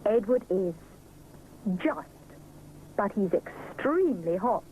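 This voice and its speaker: A woman narrating a children's storybook show in a gentle, expressive way. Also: mid-range voice, takes it slowly, low-quality recording. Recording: hissy 1970s TV soundtrack.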